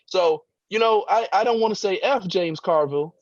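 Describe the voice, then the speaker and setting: A man's voice: sits high, normal speed, no room sound, muffled recording. A man giving impassioned political commentary as a radio guest, with emphatic, preacher-like rhetoric.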